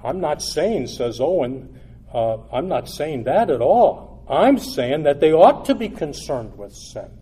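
A man preaching a sermon in an earnest, exhortative way, building to loud emphatic peaks and then dropping low and quiet. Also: big pitch swings, a little slow, husky.

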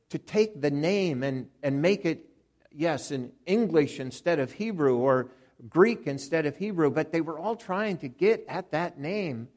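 Slow-speaking high-voiced male preacher. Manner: repeats words and restarts often, stresses quoted phrases. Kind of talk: expository sermon.

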